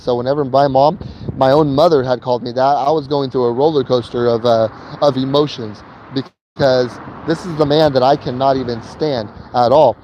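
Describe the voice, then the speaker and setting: A man's voice: mid-range voice, darkish tone, muffled recording, a little hiss or hum. A man telling a personal story in a casual vlog while in a vehicle he is driving, talking loosely with slang and many fillers and repeats. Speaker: vlogger.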